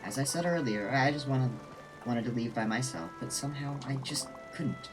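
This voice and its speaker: A man reading aloud the lines of a calm, meticulous game companion character in a plain, conversational way. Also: mid-range voice, fairly quick, music in the background, natural voice. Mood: earnest.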